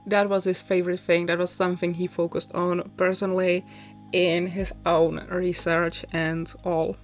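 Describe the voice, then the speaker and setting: A young woman chatting through a voice-over, a little out of breath and quick to laugh as she rambles through a story. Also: on the low side, flat delivery. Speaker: YouTuber. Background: soft background music.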